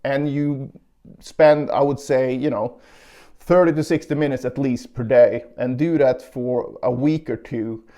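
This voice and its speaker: A man giving a casual guitar lesson, explaining technique calmly and counting beats aloud, with guitar playing behind him. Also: medium pitch, measured pace. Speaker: guitar teacher.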